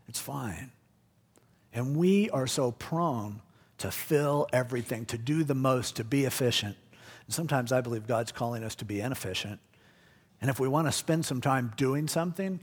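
Husky pastor preaching in a hall. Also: male voice, medium pitch. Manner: conversational, jokey preaching. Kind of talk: sermon. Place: church.

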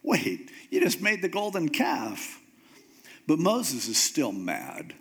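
A male pastor preaching a sermon in a relaxed, conversational way. He tells the story with a casual, joking humor. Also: a little high, takes it slowly.

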